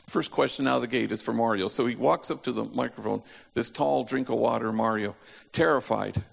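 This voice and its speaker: Gravelly male preacher in a reverberant hall. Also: mid-range voice. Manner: slows to a near hush on key phrases, acts out quoted voices. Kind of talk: sermon storytelling.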